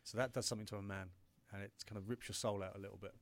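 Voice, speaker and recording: A man's voice: on the low side, fairly even intonation, racing. A British man in his thirties, a startup founder telling a hard personal story in an interview, emotional, with frequent restarts and swearing. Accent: British English.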